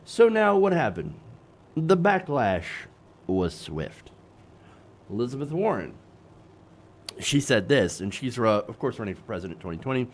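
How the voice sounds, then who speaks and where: A man's voice: medium pitch, big pitch swings, moderate pace, pauses often, slight background noise. A man hosting a political commentary show, sarcastic and self-correcting, with many fillers.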